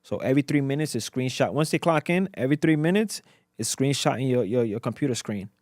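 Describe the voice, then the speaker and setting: A man from Africa, a guest entrepreneur in a casual podcast interview, telling stories in a slangy, animated way with lots of repetition. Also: medium pitch, quick pace, no echo, studio quality.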